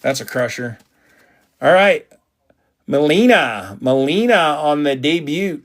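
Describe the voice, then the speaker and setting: Excitable man hosting a card break. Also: fairly high pitch, slow pace. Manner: excitable, hyped, chatty with viewers. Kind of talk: live card break stream.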